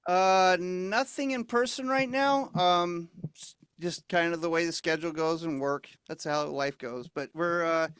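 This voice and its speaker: A man talking casually on a video call about his upcoming comedy shows, low-key and hesitant. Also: measured pace, fairly bright tone, clear, resonant tone, dry recording. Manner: low-key, with fillers and restarts. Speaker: comedy show host.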